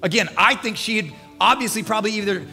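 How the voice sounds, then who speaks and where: A male pastor preaching a sermon, animated and emphatic, swinging from hushed lines to loud bursts. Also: sits high, quick pace. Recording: long hall reverb with faint music.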